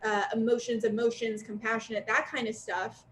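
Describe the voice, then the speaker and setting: A young woman co-hosting a casual astrology chat, talkative and quick to laugh. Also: a little high. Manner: chatty, laughs, acts out quoted voices. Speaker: astrologer co-host. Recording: echoey room with faint ambient noise.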